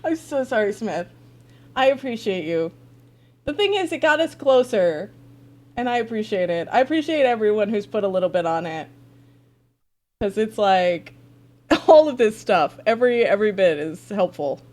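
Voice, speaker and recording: A woman's voice: mid-range voice, moderate pace. A young woman live-streaming a game, chatting casually, laughing a lot and swearing. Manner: giggly, animated, swears. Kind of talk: casual live-stream chat over gameplay.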